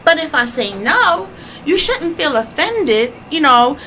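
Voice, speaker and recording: A woman guest on a radio talk show, explaining things in an expressive way. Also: high-pitched, slow pace, a little hiss or hum, rough recording. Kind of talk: casual chat.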